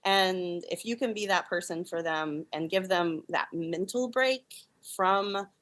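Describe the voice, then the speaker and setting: A middle-aged woman, a puppeteer and clown, telling stories in a casual interview, animated and laughing often as she acts out quoted lines. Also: lowish voice, measured pace.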